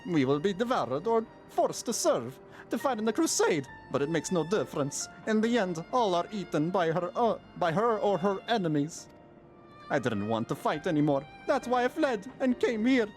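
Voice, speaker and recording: A jittery, doomed male demon voiced by a man in a hammy Italian accent, his voice pitched up and swinging wildly as he frets. He babbles with breathless urgency. Faint game music plays behind him. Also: very animated, moderate pace. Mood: fearful. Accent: put-on Italian.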